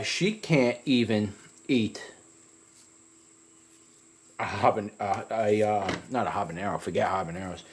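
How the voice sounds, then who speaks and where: Reviewing a hot pepper, a man rambles loosely and casually, frequently starting his sentences over. Whenever he recounts a story, his pitch rises.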